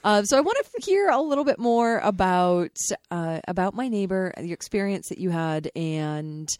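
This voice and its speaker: A woman hosting a podcast in casual chat, chatty and quick to laugh as she tells anecdotes. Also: mid-range voice, animated, a little mellow, no room sound, clean studio sound. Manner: chatty, laughs often while telling anecdotes. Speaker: podcast host.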